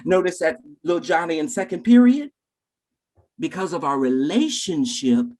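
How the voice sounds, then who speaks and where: A man delivering a keynote to a room of teachers, his delivery lively and swooping. His voice carries a husky edge as he speaks straight to the audience, storyteller style. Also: fairly high pitch, normal speed. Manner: dramatic storyteller who acts out voices; talks directly to the audience.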